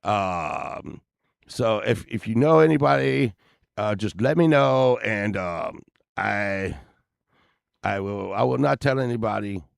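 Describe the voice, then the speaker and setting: A man's voice: lowish voice, animated, takes it slowly, gravelly, no echo, studio quality. A man streaming, telling casual, rambling, profane stories full of fillers and restarts.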